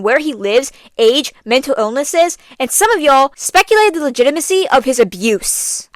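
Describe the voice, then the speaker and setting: High-voiced exasperated young woman, dry close mic. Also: a bit bright, no room sound. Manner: exasperated, blunt, sarcastic. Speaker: commentary youtuber. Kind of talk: scripted commentary voice-over.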